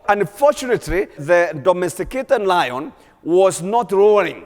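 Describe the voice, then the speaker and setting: A man preaches a sermon in a church, telling a story and urging the congregation with repeated calls. His voice is high and sweeps widely in pitch, and a long hall reverb trails every line. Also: measured pace. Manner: animated, repetitive exhortation. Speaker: pastor.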